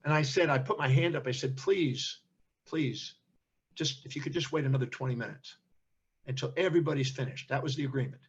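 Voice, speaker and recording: Older guy telling stories in an interview, husky voice, kinda muffled lo-fi sound. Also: medium pitch, fairly quick. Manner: animated storyteller, acts out quoted speech. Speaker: interview guest, seminar teacher. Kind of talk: storytelling in an interview.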